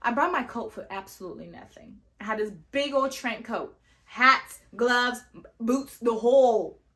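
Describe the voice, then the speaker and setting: A young woman from Sierra Leone telling a travel story in a casual vlog, animated and full of "you know" fillers. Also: fairly high pitch. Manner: animated, acts out quoted voices, many fillers like "you know". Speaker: vlogger.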